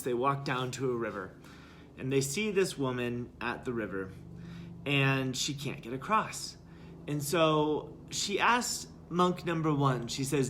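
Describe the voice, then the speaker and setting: Slow, earnest male motivational speaker. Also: medium pitch, fairly bright tone, slight background noise. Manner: earnest, emphatic repetition. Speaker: life coach. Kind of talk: live-stream motivational talk.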